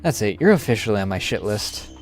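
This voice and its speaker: A hoarse streamer giving casual, profane, jokey commentary over gameplay. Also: mid-range voice, animated, quick pace, soft background music. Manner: profane, jokey, self-mocking. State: hoarse, sore throat.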